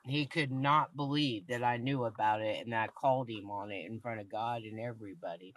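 A woman's voice: extremely low pitch, brisk, a little hiss or hum. A woman host telling a long story in casual talk, blunt and swearing freely, acting out the other people's lines as she goes. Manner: blunt, heavily profane, animated retelling with quoted dialogue. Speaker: podcast host.

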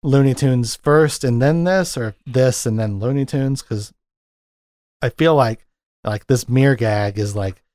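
A man's voice: medium pitch, unhurried, darkish tone, no room sound, studio quality. A man co-hosting a casual film discussion, rambling and retelling scenes with lots of fillers. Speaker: podcast co-host. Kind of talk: casual chat.

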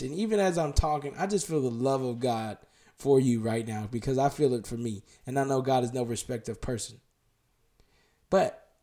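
Preaching a sermon on a podcast, a man with a medium-pitched voice fires direct questions at the listener. At times he drops to a hushed, tender tone.

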